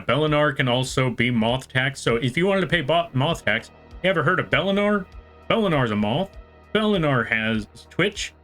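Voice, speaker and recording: A man live-streaming, giving playful, excitable play-by-play commentary and chatting with viewers in rambling asides. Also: mid-range voice. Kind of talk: casual live-stream chat and race commentary.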